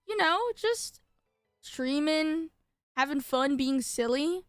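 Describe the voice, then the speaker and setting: A woman's voice: high voice, animated, takes it slowly, a bit bright, no room sound, clean studio sound, soft background music. A young adult woman streaming as a VTuber, chatting casually and bubbly with lots of filler words while she designs. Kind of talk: casual live-stream chat.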